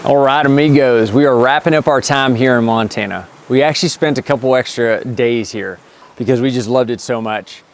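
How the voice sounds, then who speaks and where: A man's voice: mid-range voice, moderate pace, a little hiss or hum. A man in his thirties talking casually to camera outdoors at a campsite by flowing water, upbeat and jokey. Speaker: travel vlogger. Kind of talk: casual travel vlog to camera.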